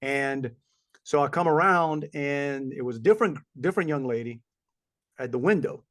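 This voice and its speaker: A middle-aged man co-hosts a casual podcast. His voice sits a bit high for a man. He rambles from one story to the next and slips into voices for the people he met. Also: moderate pace, fairly bright tone. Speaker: podcast co-host. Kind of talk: casual chat.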